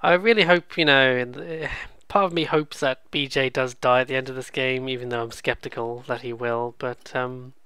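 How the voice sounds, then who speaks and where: A man's voice: mid-range voice, steady tone, moderate pace, few pauses, bright, forceful tone, smooth, no room sound. A man hosting a let's play, giving casual, sarcastic, rambling gameplay commentary. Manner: sarcastic, swears freely, rambling.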